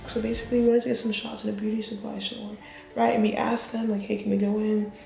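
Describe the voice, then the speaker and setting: A woman's voice: medium pitch, level tone, quick pace, creaky, warm tone. A woman vlogging casually to camera, chatty and emotional, calling her viewers y'all. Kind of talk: casual vlog talk to camera. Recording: echoey room with faint music.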